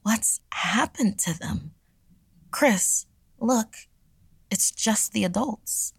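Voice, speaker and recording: A woman voicing a frightened teenage girl who talks in an urgent whisper, higher than her narration. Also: expressive, slow, creaky, breathy edge, dry recording, exaggerated voice.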